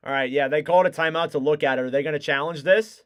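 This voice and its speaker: A young man doing live play-by-play commentary as a fan streamer, excitable and shouting on big plays. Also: on the high side, quick pace, clear, resonant tone.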